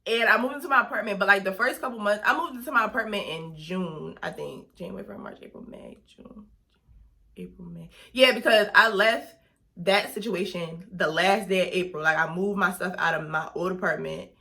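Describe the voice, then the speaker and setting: A woman's voice: mid-range voice, fairly quick. A young woman with speech, casually telling a personal story in a chatty vlog, full of fillers. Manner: chatty, lots of fillers, animated retelling. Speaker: vlogger and lash artist.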